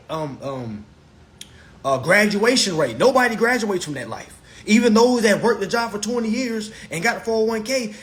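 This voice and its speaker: A man's voice: high voice, fairly bright tone. A man giving a casual live-streamed teaching, emphatic and repetitive, with rhetorical questions and blunt profanity.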